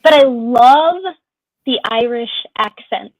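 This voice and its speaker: A woman's voice: fairly high pitch, takes it slowly, poor audio. A woman streamer chatting casually in an open group conversation, musing and drawing out her phrases. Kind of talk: casual chat.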